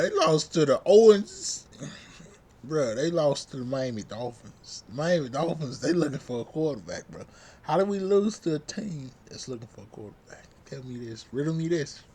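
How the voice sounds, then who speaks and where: A man's voice: mid-range voice, a little mellow, breathy edge. A young man venting as a sports vlogger in a casual, heated fan rant, repeating himself and tossing in slang constantly. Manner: heated, repetitive, says bruh constantly.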